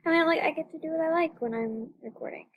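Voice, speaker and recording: A woman's voice: very high voice, quick pace, muffled recording. A young woman hosting her gaming channel, chatting casually and dramatically over gameplay, repeating phrases.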